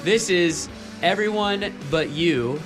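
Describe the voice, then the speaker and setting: A young man from Seattle hosts a radio show in easy, playful banter. His voice sits a little high, and faint music runs behind him. He wanders into silly bits and keeps the tone light. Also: slow pace. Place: radio studio.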